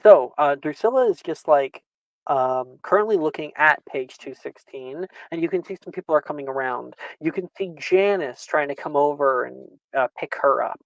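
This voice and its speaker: A man leads a tabletop game as its game master, chatty and quick to laugh as he narrates. His voice sits a little high and sounds dry and close to the mic. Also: creaky, no echo. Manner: laughing often, loose and chatty.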